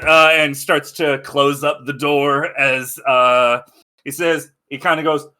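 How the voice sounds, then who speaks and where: A man's voice: fairly high pitch, fairly even intonation, takes it slowly, bright, forceful tone. A man narrating as game master, describing scenes in a rambling way with many restarts. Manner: rambling, full of fillers and restarts while describing.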